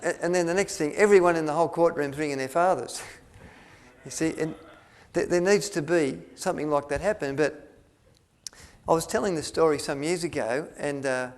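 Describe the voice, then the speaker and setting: A man's voice: a little high, normal speed. A man telling a story to an audience, rambling with many restarts and fillers. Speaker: speaker at a health retreat.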